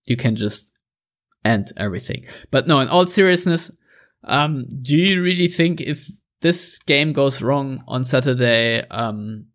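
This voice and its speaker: A man with a German accent hosting a casual football podcast, chatty and relaxed. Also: mid-range voice. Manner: relaxed, chatty, laughs easily. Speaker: podcast host.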